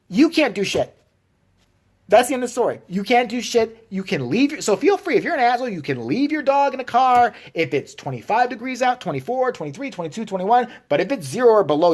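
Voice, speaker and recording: Man ranting with a lively, swooping voice. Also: high-pitched. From Chicago. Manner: profane, exasperated, acts out other people's lines. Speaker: vlogger. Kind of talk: ranting storytelling.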